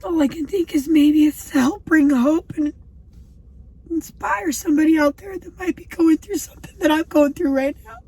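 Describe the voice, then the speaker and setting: A woman in her twenties talking in a personal video diary, halting and emotional, with many pauses. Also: sits high, mellow, poor audio. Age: 20s. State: shaky. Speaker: vlogger.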